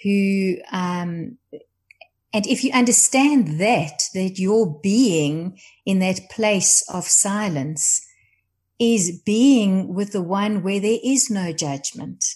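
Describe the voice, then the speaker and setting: Gentle reflective woman guest. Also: mid-range voice, slow pace. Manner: gentle, thoughtful, trailing off softly. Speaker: guest, contemplative prayer practitioner. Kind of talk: reflective conversation.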